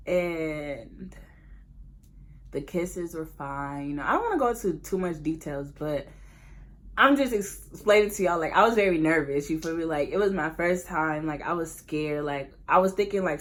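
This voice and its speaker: A young woman, telling a candid, animated personal story as a casual storytime vlog, full of slang and laughter. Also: lowish voice. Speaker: vlogger.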